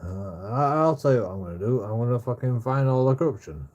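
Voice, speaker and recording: A man's voice: mid-range voice, expressive, quick pace, a little mellow, dull audio. A man, a streamer, rants casually in a rambling, repetitive way and swears constantly. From England.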